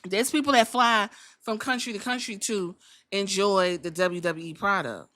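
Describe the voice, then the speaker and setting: A woman's voice: mid-range voice, normal speed, fairly bright tone. A woman hosting a casual podcast, talking bluntly with plenty of swearing and jokes. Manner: blunt, profane, joking. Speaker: podcast host. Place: Columbus.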